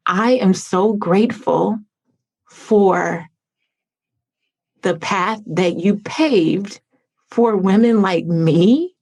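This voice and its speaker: A woman's voice: mid-range voice, darkish tone. A woman hosting a podcast interview over a video call, talking in an effusive, heartfelt way with lots of "like.". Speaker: podcast host. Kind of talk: conversational interview.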